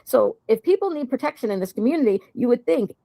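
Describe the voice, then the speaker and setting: A woman airs grievances on a livestream, going back over the same points again and again. Her voice is higher-pitched with a gravelly fry running through it. The recording is dry and close. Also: expressive, fast talker, dark tone, dry recording. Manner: aggrieved, repetitive listing. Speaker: online creator. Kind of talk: livestream complaint.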